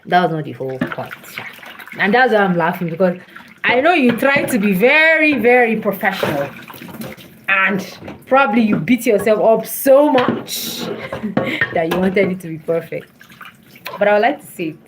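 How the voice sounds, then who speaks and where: A woman's voice: mid-range voice, big pitch swings, moderate pace, noisy background. A woman talking casually and encouragingly to a follower, laughing often as she talks. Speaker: host.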